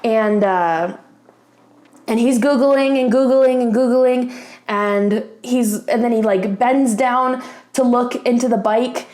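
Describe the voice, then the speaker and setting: A woman's voice: on the high side, takes it slowly, a little mellow, echoey room. A young woman vlogger casually telling a personal story to camera, chatty, swearing freely, with lots of fillers. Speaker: craft vlogger.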